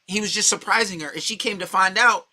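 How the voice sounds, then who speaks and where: A man's voice: high voice, quick pace, bright, forceful tone. A man talking as a dating coach, giving a blunt, profane, heated opinion monologue.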